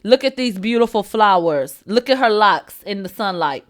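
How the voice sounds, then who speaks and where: A woman hosting a celebrity gossip livestream. She talks in a brash, profane way, laughs, answers her chat, and swings from low asides to loud outbursts. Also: expressive, moderate pace. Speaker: host of a celebrity gossip show. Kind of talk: livestream entertainment gossip commentary.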